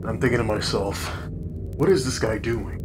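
A man giving testimony in a mock interview, hesitant and full of pauses as he recounts an eerie encounter. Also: lowish voice, background noise. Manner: hesitant, full of uhs and ums, telling a creepy encounter. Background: music.

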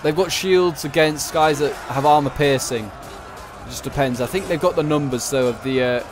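A man's voice: on the high side, normal speed, over music. A man giving casual, chatty commentary over a strategy game battle, thinking aloud with many fillers and restarts. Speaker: gaming commentator.

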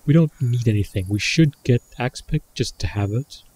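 A man's voice: medium pitch, lively intonation, normal speed, darkish tone, slightly rough. A man giving casual running commentary while playing a survival game, talking himself through his choices. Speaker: gameplay commentator.

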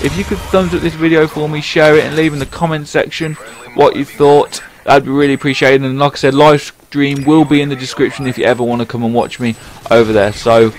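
A man's voice: a little high, brisk. Young guy telling a funny story. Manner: animated anecdote-telling, casual swearing. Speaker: YouTube gameplay commentator. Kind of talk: casual storytelling voiceover.

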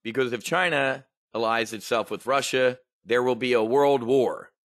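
A man's voice: medium pitch, moderate pace, fairly bright tone, dry recording, studio quality. A man hosting a trading show, commenting on the news in a blunt, rambling, profane way. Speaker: options trading show host. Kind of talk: casual market and news commentary.

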